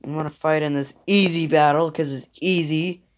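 Into his phone mic, a tired mobile gamer mutters commentary at a normal pace, his slightly high voice fairly even in intonation. He keeps grumbling at his opponents and at the game.

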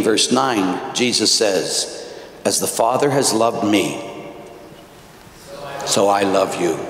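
A man, a priest, giving a fiery talk to a men's conference, dropping quiet and then building to loud exhortations. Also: fairly low pitch, a little hiss or hum. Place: large church. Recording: echoey church hall.

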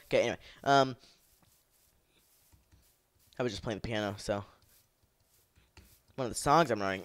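A man giving casual gameplay commentary, excitable, shouting at the game, laughing often and rambling to himself in between. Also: fairly low pitch, moderate pace, long pauses, no room sound. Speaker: gamer.

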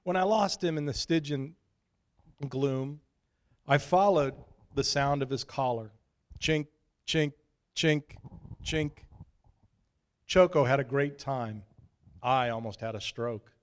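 A man's voice: mid-range voice, a little slow. A man from Idaho telling a wry, self-deprecating story as a preacher in a sermon. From Idaho, USA.

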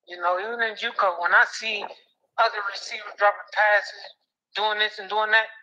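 A man in his thirties, a former football player being interviewed, talking haltingly and emotionally, close to tears, repeating words and restarting often. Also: high voice, level tone, bright, forceful tone. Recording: dull lo-fi audio.

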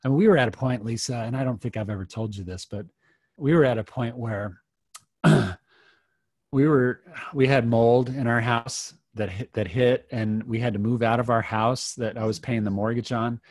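A man's voice: medium pitch, moderate pace, no echo, studio quality. A middle-aged man, a podcast guest, telling a personal story in an earnest, reflective way with many restarts.

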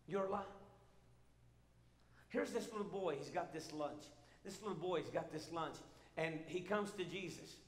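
A man preaching a sermon as pastor, swinging between emphatic shouting and hushed intimate tones, full of repeated rhetorical questions. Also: on the high side, unhurried. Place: church sanctuary. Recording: echoey hall with long reverb.

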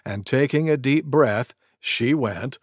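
A man reading a picture-book story aloud to preschoolers in an expressive, animated way. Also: mid-range voice, takes it slowly, slight background noise. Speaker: children's story reader.

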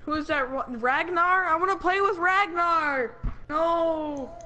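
A bossy, brash man running his gaming team over voice chat and swearing freely. His voice is very high for a man. A faint hiss runs underneath. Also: slow, pushed and bright. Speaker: online gaming team captain. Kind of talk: casual voice chat.

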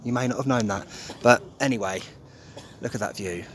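A man's voice: mid-range voice, a little fast, fairly bright tone, a little hiss or hum. A man vlogging casually on his phone while travelling, upbeat and chatty, with many ums and laughs. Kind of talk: casual travel vlog narration. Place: outdoors and in a restaurant, on the move. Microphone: phone held in hand.

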